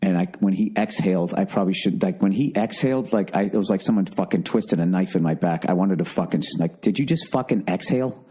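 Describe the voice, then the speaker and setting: A man hosting a solo comedy podcast, ranting profanely and swinging from shouted outbursts to low grumbling. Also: quick pace, few pauses, husky. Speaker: podcast host.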